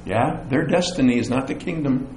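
Middle-aged pastor preaching in an echoey room. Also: male voice, mid-range voice, moderate pace, a little hiss or hum. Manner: animated preaching with chatty asides and self-deprecating humor. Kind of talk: sermon. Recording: echoey room with faint ambience.

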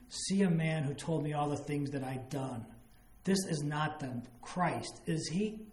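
A man's voice: on the high side, roomy sound. A man preaching a sermon, explaining scripture with emphatic asides and acted-out quotes. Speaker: pastor.

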